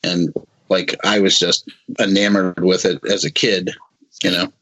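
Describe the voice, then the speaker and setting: A man in his forties rambles cheerfully as a podcast guest, often stopping and restarting his sentences. His voice sits low with a husky grain to it. The recording is dry and close, and he drops into goofy little voices now and then. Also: little pitch movement, measured pace, fairly bright tone, no echo, rough recording. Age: 40s. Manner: rambling, many restarts, playful voice bits. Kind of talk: casual podcast chat.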